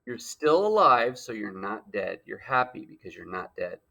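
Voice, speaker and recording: A man's voice: on the low side, big pitch swings, moderate pace, gravelly, sharp tone. A male teacher giving a playful lecture with frequent joking asides. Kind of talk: jokey classroom lecture.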